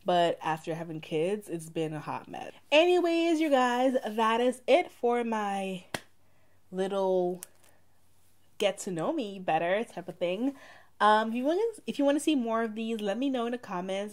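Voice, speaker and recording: A woman's voice: medium pitch, a little mellow. A young woman with a mixed Saint Lucian and Bronx accent, chatting casually to her viewers in a rambling get-to-know-me vlog. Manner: chatty, rambling, many "like" fillers. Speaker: vlogger.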